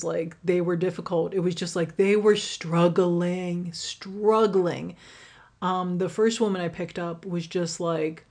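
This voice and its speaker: A young woman hosting a podcast, telling a personal story in a candid, rambling way, swearing freely and filling pauses with "like" and "um". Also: on the low side, a little mellow. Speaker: podcast host and rideshare driver.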